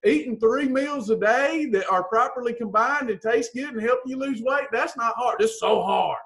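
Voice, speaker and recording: A woman's voice: a little high, normal speed. A woman gives a blunt, folksy motivational talk as a weight-loss coach and teases her listeners with pet names.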